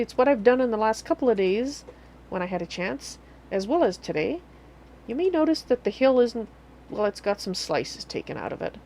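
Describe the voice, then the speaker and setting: A woman's voice: mid-range voice, darkish tone, a little hiss or hum. A woman streaming a game live, chatting casually and rambling with self-corrections. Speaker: livestreamer. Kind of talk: casual livestream commentary.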